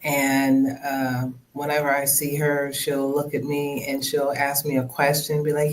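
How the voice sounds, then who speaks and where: Slow-spoken, gentle podcast host. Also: mid-range voice, completely flat delivery, poor audio. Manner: gentle, empathetic, acts out quoted dialogue. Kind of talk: conversational interview.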